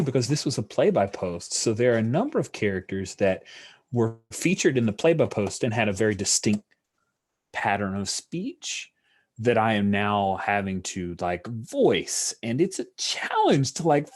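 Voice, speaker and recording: A man narrating a tabletop role-playing game as game master, animated and often laughing. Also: mid-range voice, normal speed.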